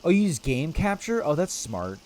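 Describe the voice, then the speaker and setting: A man with a fairly high voice commentates a game stream, his pitch swinging all over as he jokes with chat and coaxes the creatures on screen. He talks in a loose, playful way, full of quick apologies and asides. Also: very animated, a little mellow. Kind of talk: casual livestream commentary.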